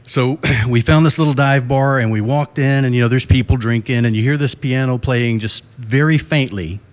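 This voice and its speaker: A man's voice: mid-range voice, normal speed. A middle-aged man giving a live conference keynote, telling folksy jokes and putting questions to the crowd. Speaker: keynote speaker. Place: conference stage before a live audience.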